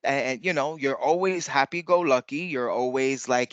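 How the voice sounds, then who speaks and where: Host: man, lively pitch, easygoing storyteller, dry close sound. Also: unhurried, no echo. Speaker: podcast host. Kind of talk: casual podcast chat.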